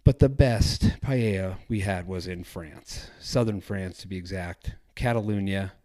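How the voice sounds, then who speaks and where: A man's voice: sits low, measured pace, warm tone. A man hosting a travel podcast, chatting casually in a rambling, self-correcting way. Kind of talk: casual solo podcast talk.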